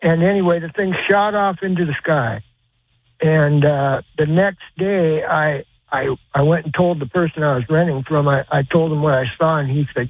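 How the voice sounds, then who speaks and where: An older man rambles through a long story over a thin, phone-like line. His voice is husky and sits fairly high, and he trips over fillers and restarts as he goes. The sound is dry and close. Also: moderate pace, no echo. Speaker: caller. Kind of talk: call-in storytelling. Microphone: telephone.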